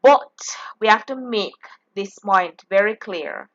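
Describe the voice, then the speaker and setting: Woman teacher, slow deliberate delivery, bright tone, dull lo-fi audio. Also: medium pitch. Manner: slow, deliberate explaining with frequent restarts. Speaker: geography teacher. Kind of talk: exam-prep lesson.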